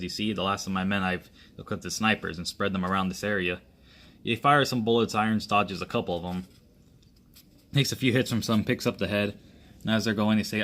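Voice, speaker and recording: An amateur storyteller with a fairly low, fairly bright voice improvises an action story, rambling and halting with frequent restarts. Rather than reading a polished script, he voices every character's lines himself. A little hiss or hum is audible.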